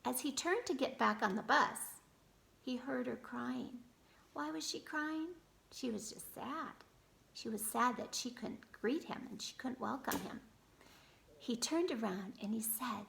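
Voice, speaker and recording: Woman kindergarten teacher, gentle storyteller, gravelly and fairly high. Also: a little slow, slight background noise. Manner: gentle, addresses children directly. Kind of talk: storytelling lesson for children.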